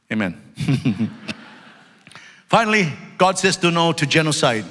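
High, bright-voiced preaching man. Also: sing-song, a little slow, long pauses. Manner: emphatic, loud, swings between shouting and low storytelling asides. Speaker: pastor. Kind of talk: preaching a sermon. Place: church sanctuary. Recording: long reverb of a large hall.

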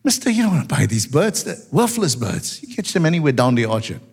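A man's voice: on the high side, big pitch swings, quick pace, slightly rough, heavily acted. A man voicing an offhand, boastful boy who torments the birds he has caught. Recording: long hall reverb.

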